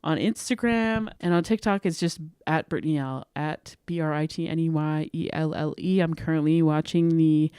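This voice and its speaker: Brief: young female podcast host, heartfelt, low-ish smooth voice, close dry mic. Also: moderate pace, few pauses, dark tone, no room sound. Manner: heartfelt and earnest, laughing often. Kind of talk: encouraging self-worth talk.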